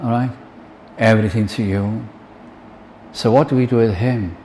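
An older man preaches a sermon in a low voice, earnest and unhurried. He quotes hymn lines and acts out small scenes between people. His voice rings with the long reverb of a large hall over faint background ambience. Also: fairly even intonation, warm tone, a little hiss or hum.

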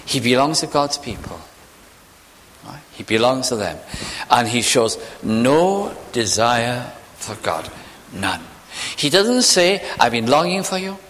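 A man preaching a sermon in an earnest, emphatic way, slowing down and going quiet on solemn points. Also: medium pitch, very animated, slight background noise. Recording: long hall reverb.

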